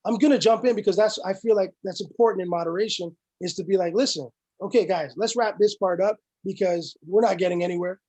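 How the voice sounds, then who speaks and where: High-voiced man telling animated stories. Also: fast, few pauses. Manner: animated storytelling, acts out quotes, swears freely. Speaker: podcast guest, room moderator. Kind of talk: casual chat.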